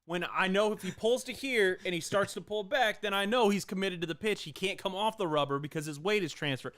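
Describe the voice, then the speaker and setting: High-voiced man joking about baseball. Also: brisk, fairly bright tone, no echo, studio quality. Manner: joking, explains plays at length. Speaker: co-host. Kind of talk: casual sports chat stream.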